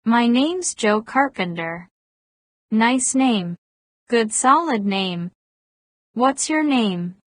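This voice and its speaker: A woman voicing a guarded, persistent man in his thirties in an audiobook, at a slow pace. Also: a little high, expressive, no echo, studio quality. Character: wary 37-year-old man, persistent and guarded.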